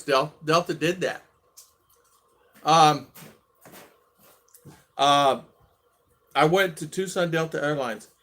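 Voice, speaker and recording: A man's voice: fairly high pitch, slow pace, pauses often, a bit bright. A man hosting a casual live video chat, greeting viewers one by one and rambling through stories with many fillers and restarts. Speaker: livestream vlog host.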